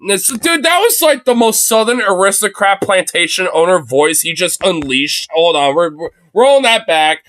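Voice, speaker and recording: A man streaming casual commentary on political clips, excitable and crude, laughing often and breaking into shouts. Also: high-pitched, normal speed, hardly any pauses, no room sound. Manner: crude, swears constantly.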